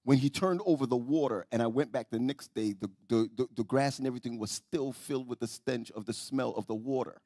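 A man pastor preaching a sermon in a church, telling stories, often repeating and restarting words, and swinging between soft and loud. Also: medium pitch, fairly quick, few pauses, dry recording, studio quality. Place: church sanctuary.

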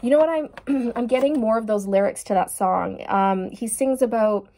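A woman giving a casual tarot reading, speaking straight to her viewers in a gushing, excitable way. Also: a little high, moderate pace. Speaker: tarot reader.

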